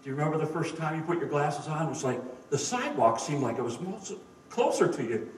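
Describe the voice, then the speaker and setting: A man's voice: fairly high pitch, expressive, fast talker, slight background noise. Folksy male pastor in an echoey church. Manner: folksy storytelling with jokes. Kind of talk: sermon. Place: church sanctuary. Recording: echoey room, mic at a distance.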